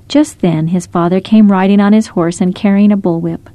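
A woman narrating short scripted stories in a gentle, measured storytelling manner. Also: medium pitch, steady tone, no echo.

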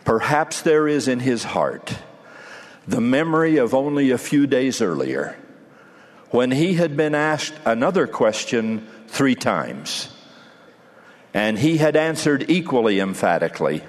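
Male preacher delivering a sermon; deliberate pauses, lively pitch, reverberant hall. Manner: measured, with dramatic pauses.

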